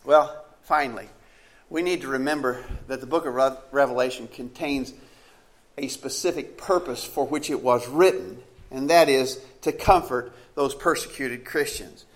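A man's voice: medium pitch, normal speed. A man preaching a sermon in a conversational, storytelling way, asking the listeners questions and restarting phrases as he goes.

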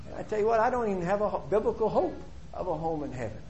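A middle-aged man preaching a sermon, emphatic, asking rhetorical questions and swinging between loud and soft delivery. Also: high voice, animated, rapid-fire, highs cut off, slight background noise.

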